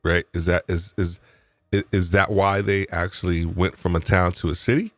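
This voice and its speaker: A man from New York chatting on a live podcast, rambling and animated, often restarting his sentences and laughing. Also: deep voice, moderate pace, no echo. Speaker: podcast co-host. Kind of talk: casual live podcast chat.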